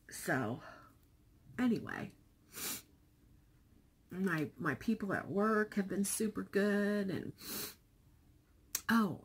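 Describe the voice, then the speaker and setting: Middle-aged woman, vlogger, husky and gravelly, unhurried, very lively pitch; emotional storyteller. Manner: chatty and emotional, retelling dialogue with animated voices. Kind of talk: casual personal vlog storytelling.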